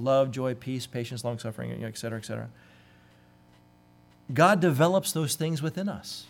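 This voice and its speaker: Male pastor, fairly high voice, earnest sermon delivery with acted-out quotes. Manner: earnest, acts out quoted voices with sudden lifts.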